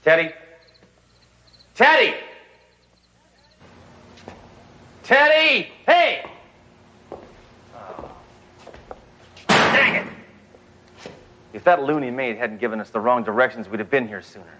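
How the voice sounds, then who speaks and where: A man's voice: mid-range voice, quick pace, hardly any pauses, fairly bright tone, slight background noise, close to an everyday voice. An actor playing a brash, boastful male police detective with a blunt, smug manner. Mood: frantic. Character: brash trigger-happy male cop, smug.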